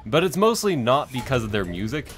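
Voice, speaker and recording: A man's voice: mid-range voice, big pitch swings, fairly quick, a bit bright, soft background music. A young man with a French accent hosting a casual let's play, chatty and profane. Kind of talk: casual gameplay commentary.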